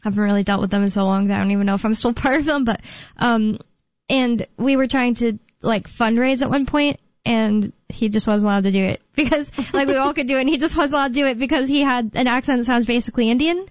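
A young woman co-hosts a call-in radio show in a fairly high voice, rambling through her thoughts with fillers and restarts. The studio sound is dry and close, a little dull on top. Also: quick pace, no echo. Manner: rambling, filler-heavy, self-correcting. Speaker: radio co-host. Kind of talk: casual talk radio chat.

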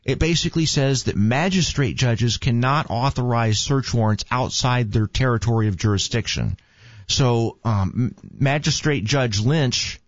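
A man's voice: mid-range voice, dry recording. A man chatting casually, telling rambling joking stories. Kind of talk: casual chat. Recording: dull lo-fi sound.

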